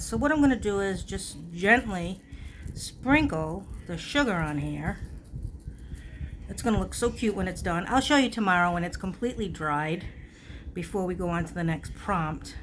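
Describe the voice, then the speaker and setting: A woman's voice: mid-range voice, moderate pace, a little hiss or hum. Chatty woman crafting at home. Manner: chatty, self-mocking, animated asides. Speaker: crafter hosting a craft video. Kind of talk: casual crafting chat.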